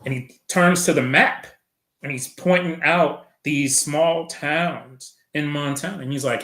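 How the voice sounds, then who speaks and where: A man's voice: a little high, a little slow, bright, forceful tone. A middle-aged man from Chicago, a podcast guest, recounting past events in a reflective way and voicing the people in his story. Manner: reflective, retells events with quoted dialogue. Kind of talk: storytelling in conversation. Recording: roomy echo.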